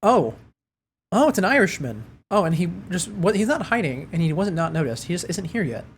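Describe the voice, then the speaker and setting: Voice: medium pitch, big pitch swings, fairly quick, slight background noise. A streamer chatting and musing while playing a story game live, self-deprecating. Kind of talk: live game playthrough commentary.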